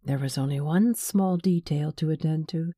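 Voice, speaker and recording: A woman reading a novel aloud in measured, wry scripted narration. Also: deep voice, mellow, no room sound, studio quality. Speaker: audiobook narrator.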